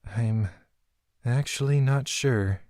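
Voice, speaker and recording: A man voicing a grieving, guarded young woman who speaks quietly and tersely. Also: medium pitch, slow, no echo, studio quality, close to an everyday voice.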